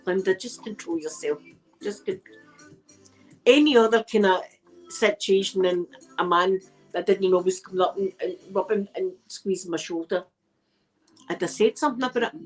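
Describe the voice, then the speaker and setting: A middle-aged woman with a Scottish accent, telling rambling stories in a soft-spoken ASMR chat, using local words like aye and wee. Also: medium pitch, poor audio. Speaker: ASMR channel host.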